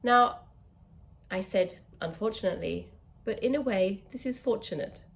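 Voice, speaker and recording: English-accented woman, pronunciation coach, mid-pitched, emphatic teaching delivery to camera. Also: moderate pace, creaky. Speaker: communication skills coach.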